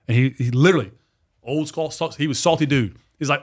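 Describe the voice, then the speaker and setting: A man in his forties, a guest on a podcast, telling a story in a casual, animated way with lots of restarts and some swearing. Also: medium pitch, fast. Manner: animated, repetitive, swears freely. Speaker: guest, dog trainer and business owner.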